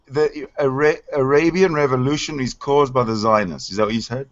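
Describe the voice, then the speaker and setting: Male talk show host, mid pitch, pushes back on callers, lo-fi sound. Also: a little fast. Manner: interrupting, challenging, hesitant restarts. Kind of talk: casual talk show debate. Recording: lo-fi stream audio.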